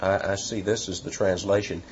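A man's voice: low-pitched, little pitch movement, normal speed, highs cut off, a little hiss or hum. A man preaching an expository sermon, teaching verse by verse with emphatic repetitions.

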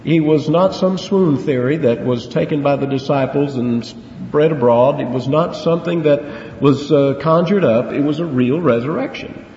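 A man's voice: a little high, moderate pace, few pauses, darkish tone. A man preaching an expository sermon, earnest and emphatic, stressing words and asking rhetorical questions. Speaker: preacher teaching a Bible passage. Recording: echoey hall, dull lo-fi sound, faint hiss.

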